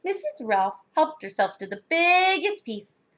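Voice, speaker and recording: A woman reads a children's storybook aloud with expressive delivery. Her voice sits high and moves in a lively, animated way. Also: measured pace, dull audio. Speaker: reader.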